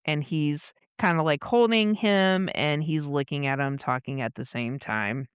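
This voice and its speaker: A woman co-hosting a podcast, recapping a comic chapter in casual chat, animated, laughing often and swearing casually. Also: sits low, unhurried, clean tone, no room sound, studio quality. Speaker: podcast co-host.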